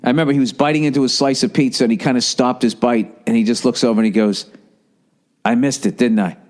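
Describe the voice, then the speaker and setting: A man's voice: medium pitch, fairly even intonation, rapid-fire, a little mellow. A man hosting a podcast, telling a long, profane anecdote in a casual monologue and mimicking people as he goes. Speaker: podcast host.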